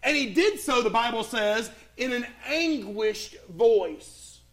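A man preaching a sermon and retelling a Bible story, with dramatic pauses and swings from loud to hushed. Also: very high voice, animated.

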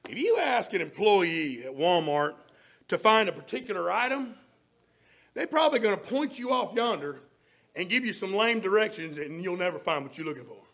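High, gravelly preacher man. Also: normal speed. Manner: animated preaching, swinging from shouts to soft near-whispers. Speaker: pastor. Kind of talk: sermon.

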